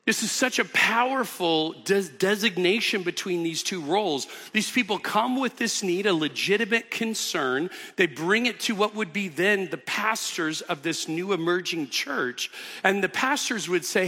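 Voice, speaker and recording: Pastor guy preaching, bright tense voice, kinda high, long hall reverb. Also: animated, measured pace. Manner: earnest teaching with emphatic repetitions. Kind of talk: sermon.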